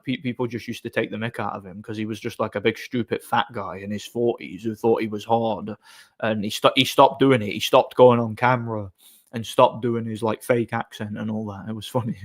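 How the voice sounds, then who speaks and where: Sarcastic man chatting on stream. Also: on the low side. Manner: sarcastic, rambling, frequent fillers and restarts. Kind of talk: casual live-stream chat reading comments.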